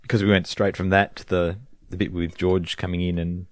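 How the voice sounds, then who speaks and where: A man's voice: low voice, flat delivery, fairly quick, no room sound. A man co-hosting a podcast in a laid-back, casual way, giving short reactions and thinking aloud. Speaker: podcast co-host. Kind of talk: casual chat.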